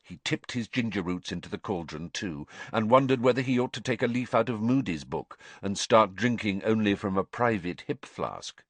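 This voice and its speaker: A man reading a novel aloud as an audiobook narrator, measured and expressive. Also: lowish voice, no room sound.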